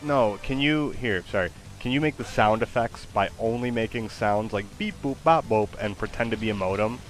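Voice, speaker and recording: A man with a somewhat low voice chats casually with an AI. He makes playful, halting requests, full of fillers. Faint music sits behind him. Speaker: user chatting with an AI. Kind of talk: casual chat.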